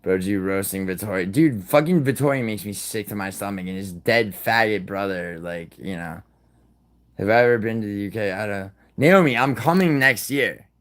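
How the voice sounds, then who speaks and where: A man's voice: lowish voice, normal speed, a bit bright. A man from New York hosting a live stream, ranting casually and profanely at his chat in a rambling, combative way. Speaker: livestream host.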